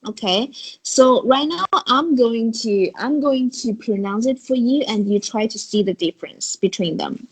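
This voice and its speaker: Breathy woman teaching tones slowly. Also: on the high side, animated, low-quality recording. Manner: patient, demonstrates tones slowly and explains with gestures. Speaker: Chinese teacher. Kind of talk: online tone lesson. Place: recorded video call.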